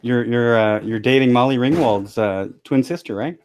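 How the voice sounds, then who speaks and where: A man's voice: medium pitch, moderate pace, darkish tone, a little hiss or hum. A man co-hosting a casual livestream, laughing often and dropping dry quips. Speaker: livestream co-host.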